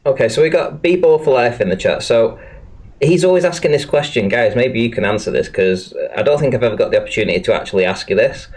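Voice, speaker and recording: A man's voice: mid-range voice, expressive, fast, a little mellow. A man hosting a live online panel, reading viewer questions and steering the talk. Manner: reads chat questions, moderates. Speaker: panel host.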